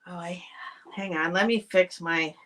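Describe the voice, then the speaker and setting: Slow-talking woman hosting a live stream. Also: on the low side, fairly even intonation, fairly bright tone. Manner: chatty, rambling, restarts sentences, speaks to viewers directly. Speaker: host selling vintage items on a live stream. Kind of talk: casual live sale chat. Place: home streaming setup, talking to a camera.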